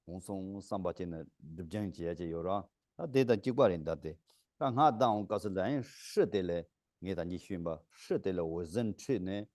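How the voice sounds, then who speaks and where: Emphatic low-voiced male dharma teacher. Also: a little mellow, dry recording, studio quality. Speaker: Buddhist teacher.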